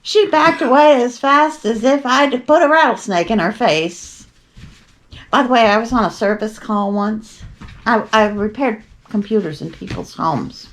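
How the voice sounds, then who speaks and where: An older woman's voice, a little high and at a measured pace, carries her podcast's rambling casual stories. She's chatty and wanders off on digressions, adding wry asides along the way.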